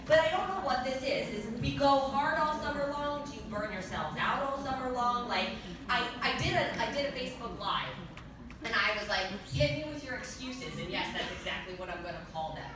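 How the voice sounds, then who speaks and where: A woman's voice: fairly high pitch, lively intonation, a little fast, very echoey, distant mic, noisy background. A woman fitness trainer giving a candid, chatty motivational talk on stage to a crowd of coaches. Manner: chatty, candid, acts out quotes, laughs often. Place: large event hall with live crowd.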